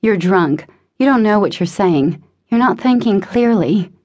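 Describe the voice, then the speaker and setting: A woman's voice: medium pitch, lively intonation, a little slow, a little mellow, voice pushed up, lightly acted. A woman voicing a desperate, obsessive teenage girl who pleads in a raised, tearful voice. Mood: frantic.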